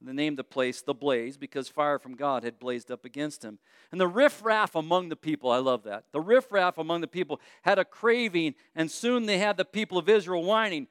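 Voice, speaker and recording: High, smooth-voiced male preacher. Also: fairly quick, no echo, clean studio sound. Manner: expressive, conversational, asks the audience questions. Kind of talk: sermon.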